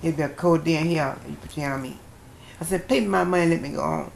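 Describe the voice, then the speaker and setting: An older woman telling a personal story as a guest, in a lively storytelling manner with a dialect grammar. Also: low voice, racing, vocal fry, roomy sound, a little hiss or hum.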